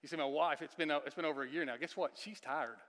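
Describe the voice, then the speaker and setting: A man delivers a sermon with a bright, forceful, fairly high voice, swinging between near-shouted emphasis and quiet, confessional passages. He repeats words and puts questions to the congregation. His voice rings out with the long reverb of a church sanctuary. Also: fast talker. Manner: emphatic, rising to near-shouts then dropping to hushed, confessional tones; repeats words and restarts, asks the audience questions. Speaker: guest preacher.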